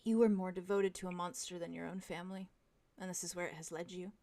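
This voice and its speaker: A woman's voice: lowish voice, flat delivery, fast talker, mellow, lightly acted. A woman voicing a cold, bitter young man who snaps accusations at his brother in a tabletop game. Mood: snapping. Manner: accusing, snapping.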